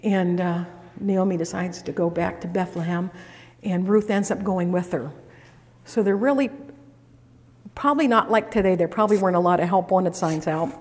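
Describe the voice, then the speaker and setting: A woman's voice: lowish voice, normal speed. Middle aged woman preaching, chatty folksy storyteller, lots of echo in the hall. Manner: folksy conversational storytelling with restarts. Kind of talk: sermon. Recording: echoey hall reverb.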